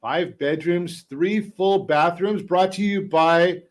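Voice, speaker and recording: A man hosting a casual radio talk show on homes and mortgages, chatty and a little halting, with dry asides. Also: high voice. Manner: chatty, stumbles over words, drops dry jokes. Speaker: radio host and mortgage expert.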